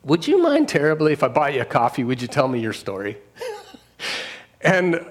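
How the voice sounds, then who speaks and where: A man's voice: a little high, huge pitch swings, normal speed. A middle-aged man, a pastor telling his own story in an earnest, unscripted way, laughing often and restarting his sentences. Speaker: pastor and street outreach worker. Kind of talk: personal testimony.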